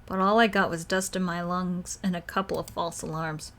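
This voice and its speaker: A woman's voice: lowish voice, steady tone, normal speed, a bit bright. A woman voicing a cheeky young female ghost hunter in a video game, joking and offhand. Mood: teasing.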